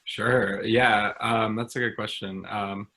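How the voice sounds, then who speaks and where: A man speaks as a guest comedian, low-key and hesitant, barely moving his pitch. His voice sits a little low, yet its tone is bright. He comes across as quietly understated. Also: steady tone, slow. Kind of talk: interview talk.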